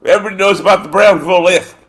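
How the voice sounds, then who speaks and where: A man's voice: high voice, steady tone, rapid-fire. A man hosting a casual chat, rambling and swearing, often groping for names with lots of fillers. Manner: rambling and profane, gropes for names with many fillers. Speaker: podcast host.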